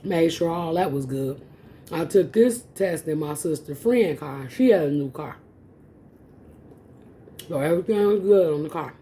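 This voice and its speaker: A woman vlogger, casually telling viewers a personal story, animated and laughing often. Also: low-pitched, measured pace, pauses often, a little hiss or hum. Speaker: mukbang vlogger. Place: home, eating on camera.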